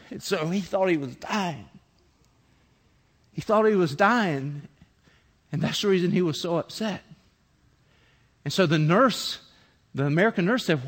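A man preaching in an earnest, storytelling way, stumbling over his first words before carrying on. His voice sits a little high for a man. The sound rings with the long reverb of a large hall. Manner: earnest, repeats words when starting phrases. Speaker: pastor. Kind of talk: sermon storytelling.

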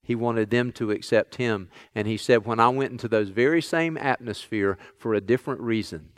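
A man's voice: mid-range voice, normal speed, clear, resonant tone, no echo. A man preaching a sermon, earnestly retelling stories in others' words. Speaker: pastor.

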